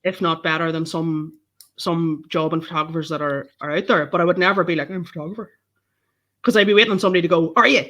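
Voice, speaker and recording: A Northern Irish woman, a photographer appearing on a podcast as a guest, tells stories in casual chat and swears freely. She speaks fast in a low voice. Her storytelling is animated.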